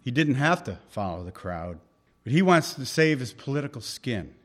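A man preaching a sermon. He fires off rhetorical questions, then drops suddenly to a hush. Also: medium pitch, sing-song, normal speed. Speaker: pastor.

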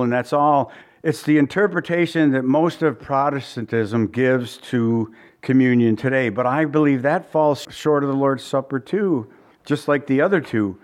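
A pastor preaching a sermon in a conversational way, with asides to the congregation and the odd chuckle. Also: male voice, on the high side.

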